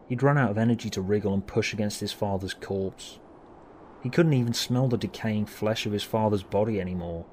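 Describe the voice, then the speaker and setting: Low-voiced man narrating a horror story. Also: a little mellow, slight background noise. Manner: measured, dramatic. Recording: narration over music.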